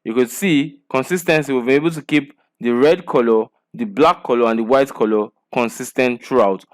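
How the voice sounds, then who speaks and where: A man's voice: medium pitch, normal speed. Man teaching design, checking in often. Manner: repeats "okay", "right" and "good" as checks; walks through examples point by point. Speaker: design instructor. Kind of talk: screen-share design lesson.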